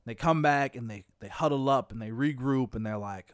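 A man co-hosting a casual movie chat, retelling scenes with excitement and quoting characters. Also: mid-range voice, moderate pace, smooth, no room sound, clean studio sound. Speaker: podcast co-host.

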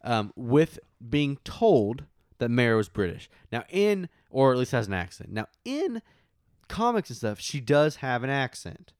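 A man's voice: mid-range voice, big pitch swings, a little slow, darkish tone, clear, resonant tone, dry recording, studio quality. A man hosting a casual film discussion, recapping scenes in a rambling, enthusiastic way with plenty of fillers.

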